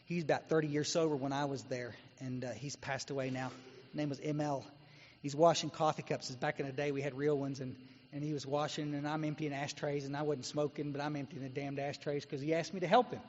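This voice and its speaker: A man from Texas speaks at a recovery meeting in a blunt, exhorting storytelling manner. His voice is husky and sits fairly high. The recording is dull and echoes through a long-reverb hall. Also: fairly even intonation, brisk. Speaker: guest speaker.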